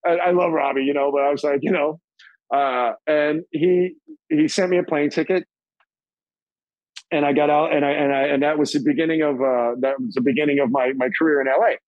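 Animated, profane middle-aged man telling stories. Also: brisk, no echo, highs cut off. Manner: animated, profane, acts out quoted voices in a higher pitch. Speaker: interview guest, drummer. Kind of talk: casual storytelling interview.

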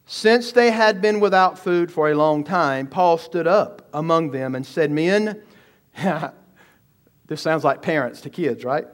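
Rhetorical questions punctuate this pastor's expository sermon, given in a fairly high male voice. He's emphatic throughout, slowing down for weighty phrases and picking up speed in between.

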